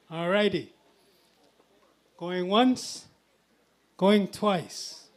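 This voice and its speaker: Jovial male auctioneer, high-pitched and unhurried, teasing bidders at a live charity event.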